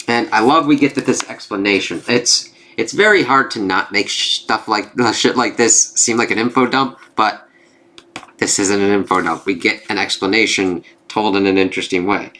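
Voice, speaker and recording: A man's voice: lowish voice, normal speed, sharp tone. A man reviewing a comic in casual commentary, rambling and swearing freely. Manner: rambling, swears a lot, says "it's like" often.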